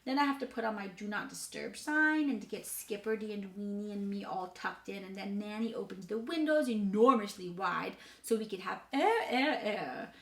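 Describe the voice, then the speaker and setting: A woman's voice: medium pitch, lively intonation, moderate pace, hardly any pauses, natural voice. A woman voicing a precocious, mischievous six-year-old girl who lives in a hotel, in a chatty, boastful storybook monologue. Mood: playful. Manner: chatty, boastful, matter-of-fact child monologue. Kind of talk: dramatic reading of a storybook character. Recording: roomy echo.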